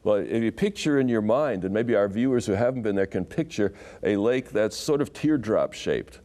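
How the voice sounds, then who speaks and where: A man teaching scripture as a guest on a talk program. His voice sits low and sounds warm and mellow. He tells the stories in an animated way and acts out the quoted lines. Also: moderate pace. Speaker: Bible scholar guest. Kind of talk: explanatory teaching in conversation.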